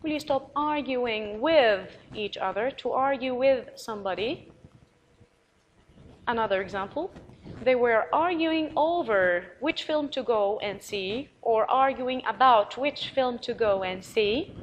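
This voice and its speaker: In a recorded vocabulary lesson, a woman teacher with an Arabic accent and a fairly high voice takes students through English words. She spells them letter by letter, says them slowly again and praises warmly, over a faint hiss in a muffled recording.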